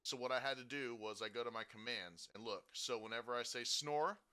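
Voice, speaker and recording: A man giving a casual software tutorial, talking through each step and checking in with frequent "okay?" and "right?". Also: mid-range voice, a little fast, clear, resonant tone. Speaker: streaming tutorial host.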